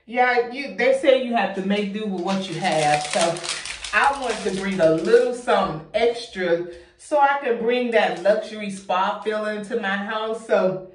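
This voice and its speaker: A woman's voice: mid-range voice, unhurried, reverberant, distant mic, slight background noise. A young woman vlogging, chatty and effusive, a little out of breath as she talks to her viewers. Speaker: home organization vlogger. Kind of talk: casual vlog chat. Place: bathroom.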